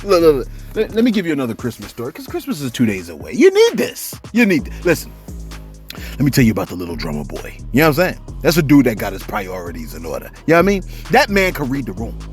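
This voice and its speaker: A man doing casual, comedic celebrity gossip commentary, rambling and animated, with faint music behind. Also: medium pitch, fast. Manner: animated, rambling, keeps saying "you know what I'm saying".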